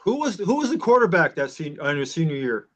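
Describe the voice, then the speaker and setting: A man co-hosting a relaxed chat, dropping in short reactions and questions. His voice is high and swings widely. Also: brisk. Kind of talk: casual chat.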